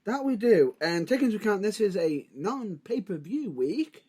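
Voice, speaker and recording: A man's voice: high-pitched, big pitch swings, normal speed, mellow, husky. A man co-hosting a wrestling podcast, who keeps the talk moving with dry, teasing remarks. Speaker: podcast co-host. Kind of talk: casual chat.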